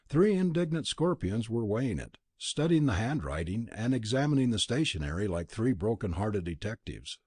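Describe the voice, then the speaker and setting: A man reading a novel aloud as an audiobook narrator, expressive and dropping low on the speech tags. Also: husky, no echo, clean studio sound. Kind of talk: scripted narration.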